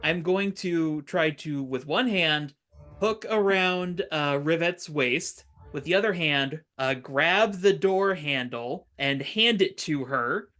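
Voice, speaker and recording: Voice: mid-range voice, slow pace, sharp tone. A player in a tabletop role-playing game who talks keenly and lays out plans step by step. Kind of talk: casual tabletop game play.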